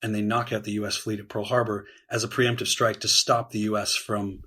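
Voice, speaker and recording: Man, podcast guest historian, husky voice, lowish pitch, measured explanatory talk. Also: flat delivery, bright, forceful tone. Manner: explanatory, measured, with frequent "um" and "right?".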